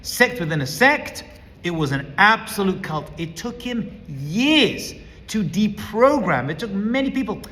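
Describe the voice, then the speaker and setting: Male rabbi, emphatic teacher, sharp bright tone, long hall reverb. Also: sits high, very animated, measured pace, a little hiss or hum. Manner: emphatic, lecturing, builds points as a numbered list. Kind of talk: teaching talk.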